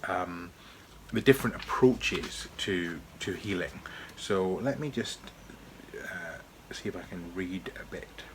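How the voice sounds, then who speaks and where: Brief: a man with a fairly low voice, chatty and keen, reviewing books for his channel, with faint room ambience. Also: fairly bright tone, slight background noise. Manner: chatty, enthusiastic, with restarts. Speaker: book reviewer. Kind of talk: casual video review.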